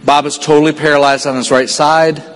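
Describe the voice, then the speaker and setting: A man from Texas giving an earnest, storytelling speech to a conference audience, dropping low and quiet at the sad parts. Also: level tone, fairly quick, big-room sound, slight background noise, low-quality recording. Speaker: motivational speaker.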